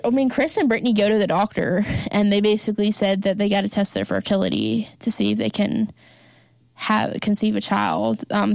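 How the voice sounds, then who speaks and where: A woman's voice: medium pitch, creaky, a little mellow, dry recording. A young woman hosting a casual recap podcast, chatting loosely with lots of "like" fillers. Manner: chatty, heavy use of "like" fillers. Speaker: podcast host.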